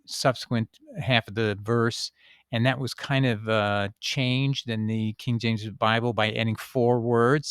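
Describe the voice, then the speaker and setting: A man's voice: mid-range voice, a bit bright, no room sound. Man explaining scripture in a dry room. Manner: thinking aloud with fillers and restarts, reading passages aloud. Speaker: Bible teaching channel host. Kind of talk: casual spoken Bible commentary.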